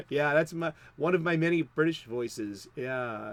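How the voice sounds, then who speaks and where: A man's voice: medium pitch, steady tone, slow, few pauses. A man hosting a comics video, talking unscripted in a loose, rambling way. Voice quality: rambling, many fillers and restarts. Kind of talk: unscripted casual talk.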